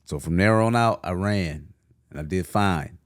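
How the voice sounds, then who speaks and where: A man's voice: sits low, measured pace, no echo, studio quality. A man co-hosting a podcast in casual chat, reacting emphatically and laughing easily. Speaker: podcast co-host.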